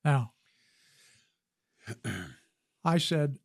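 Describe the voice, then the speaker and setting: A man's voice: medium pitch, moderate pace, darkish tone, no echo, studio quality. An older man, a podcast guest and former combat physician, telling a story in an interview with earnest delivery and frequent restarts. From United States.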